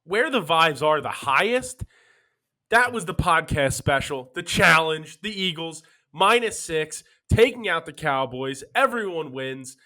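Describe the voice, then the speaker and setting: A young man from Philadelphia hosts a relaxed sports betting chat. His voice is bright and sits a little high, and he talks in an easygoing way, tossing questions to his co-hosts. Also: measured pace. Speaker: podcast host.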